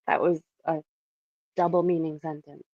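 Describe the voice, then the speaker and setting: A chatty young woman from Canada talks to her stream chat from her bedroom, animated and quick to laugh. Her voice sits fairly low. The sound is dry and a bit dull and lo-fi. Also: dry recording. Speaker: livestreamer. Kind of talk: casual livestream chat. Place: home bedroom.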